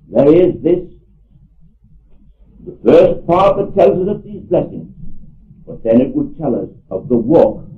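Older male preacher, earnest, emphatic, high voice, tinny hall recording. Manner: earnest, emphatic, repeats phrases for stress. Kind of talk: sermon. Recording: echoey hall over a tinny phone-like line.

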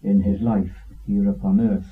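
A man's voice: lowish voice, little pitch movement, normal speed. A man taking part in a Bible study discussion, thoughtful and quoting scripture. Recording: tinny phone-like recording.

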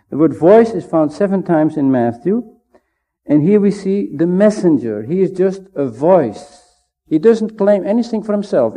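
A man giving a measured, emphatic Bible teaching sermon, pausing often to stress his points. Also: fairly high pitch, mellow. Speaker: preacher. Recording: dull lo-fi sound.

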